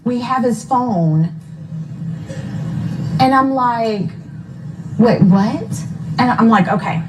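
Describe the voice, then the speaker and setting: A woman's voice: fairly high pitch, slow pace, background noise. A mother retelling events in an interview, detailed and careful about times, with many fillers. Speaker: mother of a missing son.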